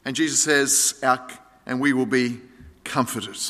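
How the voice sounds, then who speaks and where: A man's voice: medium pitch, fairly even intonation, a little slow, sharp tone. Impassioned male preacher in a reverberant hall. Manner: impassioned, rising to pleading prayer. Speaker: pastor. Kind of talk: sermon. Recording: long reverb of a large hall.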